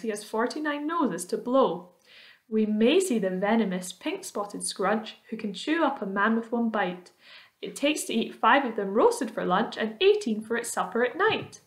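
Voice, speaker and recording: A boastful storybook centipede, put on by a woman reader, all high-pitched excitement. He shouts and rattles off rhyming brags, thrilled to be on the move. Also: close to an everyday voice.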